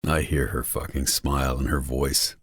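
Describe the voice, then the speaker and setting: A man narrating a first-person romance audiobook in a brooding, intense, measured way. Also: very deep voice, level tone, husky, no echo, studio quality.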